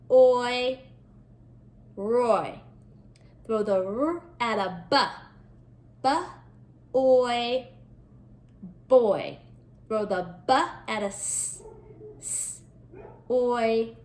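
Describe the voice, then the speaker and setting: A woman teaching a first-grade phonics lesson from home, sounding out word parts slowly and clearly for parents and children. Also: fairly high pitch. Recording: echoey room.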